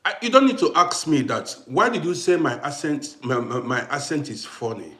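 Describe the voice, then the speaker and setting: A man from Africa, host of a live stream, chatting casually with viewers and turning heated and loud as he answers a critic. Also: on the high side, expressive, moderate pace, roomy sound. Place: home in Austria.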